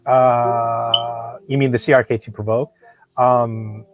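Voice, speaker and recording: A knife collector from Hollywood, California vlogs a rambling, profane story, restarting often and breaking into bursts of animation as he tells it casually. His mid-range voice is flat and slow, and the lo-fi recording has music in the background.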